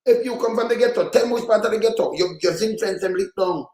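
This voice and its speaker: A man's voice: high voice, fast, darkish tone, echoey room. A man with a Jamaican Patois accent, reacting to political clips with a heated, profane, scolding rant. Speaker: political commentator. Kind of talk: reaction commentary on played clips.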